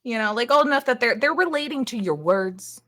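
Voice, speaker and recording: Lively, laughing woman game master. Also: fairly high pitch, a little fast. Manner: laughing often, lively, casual. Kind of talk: narrating a tabletop game.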